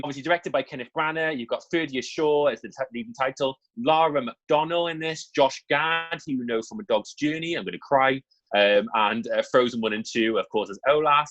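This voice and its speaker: A man's voice: medium pitch, fairly bright tone, rough recording. A young man co-hosting a film review show, talking casually and candidly with lots of asides and fillers.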